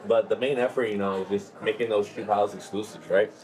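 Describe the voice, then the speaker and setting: A man's voice: fairly low pitch, steady tone, fast talker, a crowd in the background, poor audio. A man speaking earnestly and gratefully in a casual dinner conversation.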